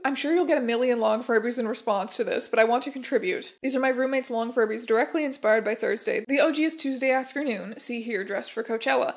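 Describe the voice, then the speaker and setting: Woman host with a slightly high voice reading fan posts, with a dry, sarcastic delivery. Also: fast talker, few pauses. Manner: dry, sarcastic asides between read-out posts. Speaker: host reading viewer submissions. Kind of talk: casual commentary reading submissions.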